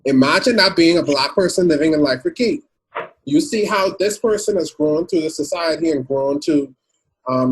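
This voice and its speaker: Husky-voiced man steering a debate. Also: a little high, poor audio. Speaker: podcast host. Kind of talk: casual group discussion.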